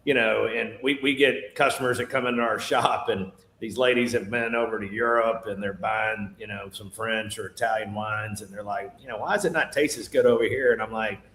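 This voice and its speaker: A man's voice: on the low side, fairly even intonation, fairly quick, hardly any pauses, fairly bright tone, reverberant. A man hosting a casual livestream, joking and laughing easily as he talks. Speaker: show host.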